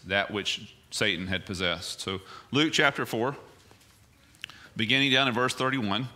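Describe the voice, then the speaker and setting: Male pastor, church sermon, loose conversational delivery full of rhetorical questions, bright forceful tone. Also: lowish voice.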